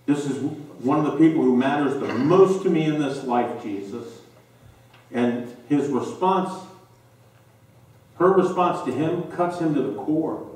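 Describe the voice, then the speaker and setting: A male pastor preaching a sermon, slow and emphatic with dramatic pauses, recorded in a church sanctuary. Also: a little high, a little mellow. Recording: very echoey church from a distance.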